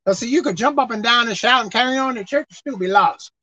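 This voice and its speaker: A man preaching a fiery sermon, repeating lines for emphasis, reading scripture slowly, and breaking into shouts. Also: very high-pitched, dry recording. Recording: dull lo-fi dry recording.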